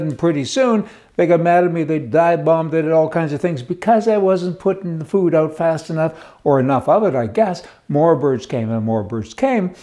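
A man's voice: on the high side, mellow. A man hosting an opinionated monologue, rambling and scornful, with chuckles and restarts. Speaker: commentary show host.

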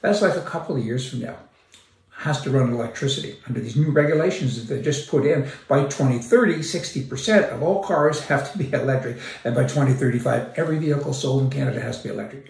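A man's voice: medium pitch, fast talker, creaky, darkish tone, distant mic. A man delivering a sarcastic, mocking opinion monologue, often laughing as he talks. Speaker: commentary host. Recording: echoey room, voice from off-mic.

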